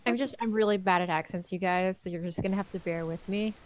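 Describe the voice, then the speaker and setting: A woman's voice: fairly low pitch, quick pace. A woman playing a tabletop game, speaking sarcastically and swearing in casual chat. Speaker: player.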